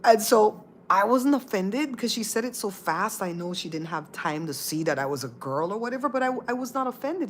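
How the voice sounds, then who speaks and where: A woman's voice: brisk, few pauses, a little hiss or hum. A middle-aged woman hosting her own channel, telling a story casually and acting out what people said. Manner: animated storyteller, acts out quotes with big pitch jumps. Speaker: channel host.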